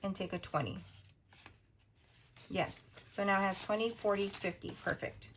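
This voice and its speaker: A woman in her thirties hosting a budgeting video, chatting casually while she counts cash out loud. Her voice is going a little hoarse. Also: mid-range voice, a little hiss or hum. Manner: chatty, counts money out loud, quick asides.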